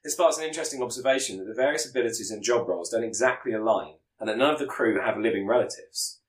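A man hosting a podcast, recapping a story's plot in a steady storytelling delivery with the odd self-correction. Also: fairly low pitch, quick pace. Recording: roomy echo.

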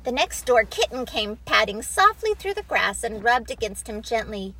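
A woman narrating a children's storybook in a gentle, expressive reading. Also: fairly high pitch, moderate pace, low-quality recording.

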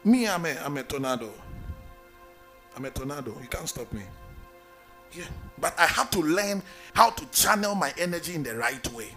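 Male pastor, emphatic sing-song sermon delivery, bright tone. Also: a little high, expressive, normal speed, faint music behind. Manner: emphatic preaching, sing-song calls for amen.

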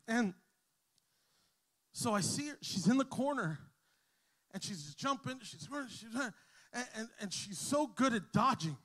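A male pastor with a high, bright-pitched voice delivers a sermon to his congregation. He tells stories with easy humor, then climbs in volume and intensity until he is shouting. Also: lively intonation, measured pace, pauses often. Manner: storytelling, jokes with the crowd, builds to shouting. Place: church hall with a congregation.

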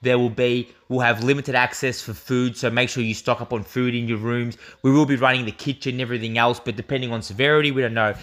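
A man's voice: mid-range voice, flat delivery, fast talker, hardly any pauses, a bit bright. A young Australian man co-hosting a podcast in casual chat, rambling through a story with lots of fillers and swearing. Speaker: podcast co-host.

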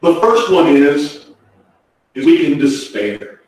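A man preaching a sermon, swinging from hushed, slow phrases to shouted ones. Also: fairly high pitch, sing-song. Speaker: pastor. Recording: echoey hall from far off.

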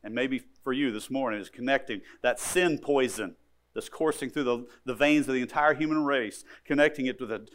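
A man preaching a sermon as pastor, telling the story dramatically and swinging between loud emphasis and quiet asides. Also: medium pitch, fairly quick.

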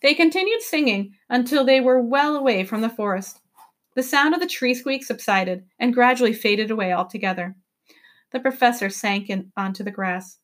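A woman teacher reading a novel aloud for her class. Her storytelling is expressive, and her voice sits slightly high. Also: normal speed.

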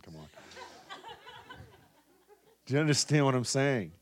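A man preaching a charismatic sermon, swinging between loud exhortation and soft, intimate asides, often adding "come on" and "right?". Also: mid-range voice, animated, a little fast, long pauses, slight background noise. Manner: peppers talk with "come on" and "right?".

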